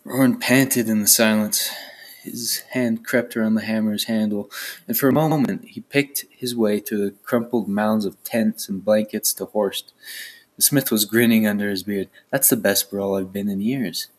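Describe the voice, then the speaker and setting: Low-voiced man reading a novel aloud. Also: fairly even intonation, moderate pace. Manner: plain, with small stumbles. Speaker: reader.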